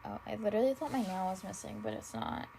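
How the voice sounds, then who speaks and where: A fast-talking, tired young woman with a warm, medium-pitched voice and vocal fry hosts a casual podcast alone. Rambling and swearing freely, she fills almost every phrase with "like" and gushes in a way she admits is dramatic. The audio is poor, with slight background noise.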